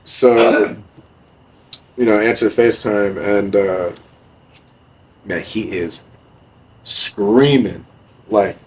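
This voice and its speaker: A young man tells stories as a podcast guest, relaxed and loose, dropping swear words and fillers freely. His voice sits low, with a faint hum of ambience behind it. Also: drawn-out words, pauses often, rough recording. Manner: laid-back, heavy swearing, many fillers. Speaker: podcast guest, music producer. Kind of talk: casual storytelling.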